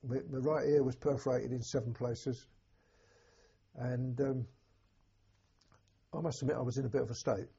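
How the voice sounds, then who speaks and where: An older English man, a war veteran, telling an oral history in a halting, plain-spoken way with a husky voice. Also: medium pitch, fairly even intonation, dark tone, dull audio. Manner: halting, plain-spoken storytelling with many restarts. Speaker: war veteran recounting memories.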